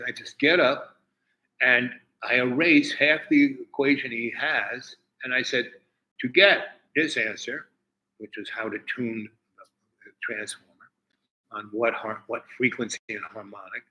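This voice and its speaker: A man's voice: mid-range voice, steady tone, normal speed, bright, forceful tone, poor audio. A man telling a rambling, profane story in a casual chat to his viewers as host. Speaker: livestream host.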